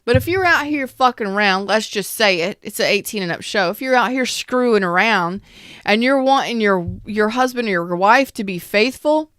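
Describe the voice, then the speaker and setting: A woman's voice: mid-range voice, animated, moderate pace, a bit bright, no room sound, clean studio sound. Blunt, swearing tarot reader woman. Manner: blunt, profane, calls viewers out; reads out and answers live chat comments. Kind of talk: live-streamed tarot reading, casual rant.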